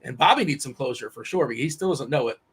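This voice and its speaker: A man's voice: mid-range voice, lively intonation, quick pace, fairly bright tone, slightly rough. A man hosting a casual sports betting chat, teasing his co-hosts and rattling off team lineups. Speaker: host.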